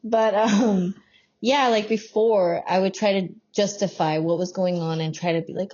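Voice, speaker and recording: A woman's voice: mid-range voice, steady tone, unhurried, darkish tone. A woman co-hosting a casual podcast chat, laughing easily and talking with lots of fillers. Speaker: podcast co-host. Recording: dull lo-fi sound.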